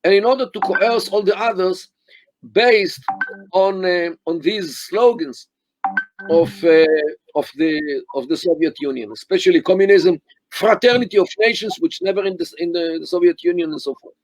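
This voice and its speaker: An older man speaking as an interview guest over a video call, making his points deliberately and emphatically with many restarts and fillers. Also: high-pitched. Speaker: interview guest, Middle East scholar.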